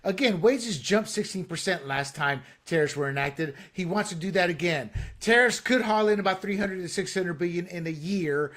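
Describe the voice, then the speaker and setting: A man co-hosting a casual political talk show, excitable and stumbling over fillers and restarts as he argues his points. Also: high-pitched, moderate pace, hardly any pauses. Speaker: podcast co-host.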